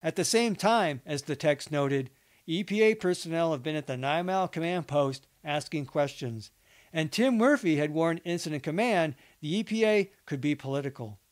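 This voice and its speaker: A man narrating a nonfiction account, reading interview quotes in an even, measured way. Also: on the high side. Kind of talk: documentary book narration.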